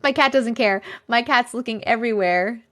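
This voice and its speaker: A woman's voice: on the high side, normal speed, a bit bright. A young woman hosting a live stream, chatting casually, laughing often and reacting to viewer comments. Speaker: live-stream host reading viewer stories.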